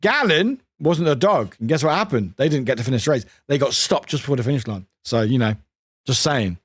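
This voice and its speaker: A man casually chatting with viewers on a live stream, animated and chatty, laughing often and exclaiming loudly. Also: medium pitch, brisk, slightly rough, no room sound, clean studio sound. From United Kingdom.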